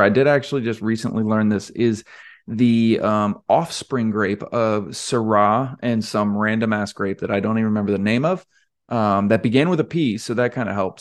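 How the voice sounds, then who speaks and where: A young man hosting a casual solo podcast, rambling and self-deprecating with lots of fillers. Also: lowish voice. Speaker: podcast host.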